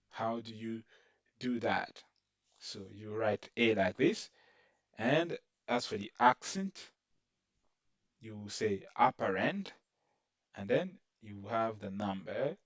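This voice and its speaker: A man's voice: on the low side, bright, forceful tone, dry recording, far from the mic, highs cut off. A man teaching a screen-recorded coding lesson, explaining patiently and checking in with "okay" along the way. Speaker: coding tutorial instructor.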